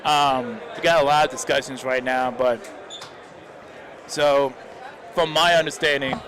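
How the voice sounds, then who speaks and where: A man's voice: mid-range voice, fairly even intonation, a little slow, a bit bright, some chatter behind. A young man giving casual live commentary on a stream, rambling and heartfelt, often adding "man" to his sentences.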